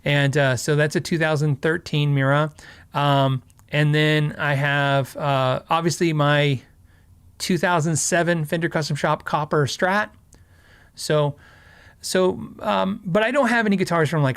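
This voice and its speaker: A middle-aged man from Arizona hosts a casual livestream chat, rambling through stories full of fillers and restarts and laughing often. His voice is on the high side, with fairly even intonation, normal speed, and a smooth tone free of echo.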